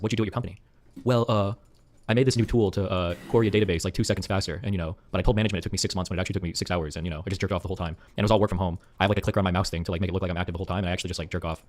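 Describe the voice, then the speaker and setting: A man ranting on a livestream, profane and mock-outraged, tagging his lines with a repeated "okay?". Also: low-pitched. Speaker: streamer. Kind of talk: livestream rant.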